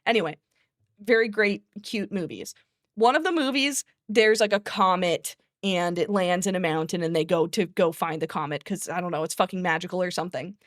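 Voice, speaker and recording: A woman's voice: fairly low pitch, fairly quick, dry recording. Woman streamer, casual rambling chat, frequent laughs, profane, dry close sound. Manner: rambling, laughs often, swears freely.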